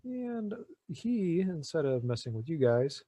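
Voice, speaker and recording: A man's voice: fairly high pitch, very animated, a little slow, dark tone, no room sound. A man running a tabletop role-playing game as dungeon master, explaining rules with frequent fillers and restarts.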